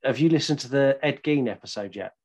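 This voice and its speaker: A young man with an English accent holds forth on a podcast, his pitch sitting in an ordinary middle range. He tells stories in a loose, rambling way, full of jokes and casual swearing. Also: a little fast, a little mellow. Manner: rambling, swearing, jokey storyteller. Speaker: podcast co-host. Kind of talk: casual chat.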